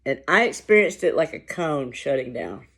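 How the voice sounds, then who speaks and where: A man vlogging to camera over lunch, talking in a slow, reflective, halting way with long pauses. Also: mid-range voice, big pitch swings, fairly bright tone, breathy edge. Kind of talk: casual talk to camera while eating lunch.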